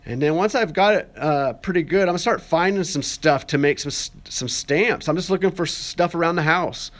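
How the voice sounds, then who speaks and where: A young man, an art student, talking casually through a how-to voice-over in a classroom, relaxed and chatty with joking asides and plenty of fillers. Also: on the high side, fairly quick.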